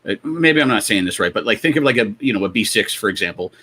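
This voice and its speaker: A man with a husky, slightly low voice chatting fast on a hobby podcast. He teases his co-hosts and fills gaps with "uh" and "like" while he thinks. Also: expressive, bright, forceful tone. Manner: fast, teasing banter with many fillers. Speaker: podcast co-host. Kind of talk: casual chat.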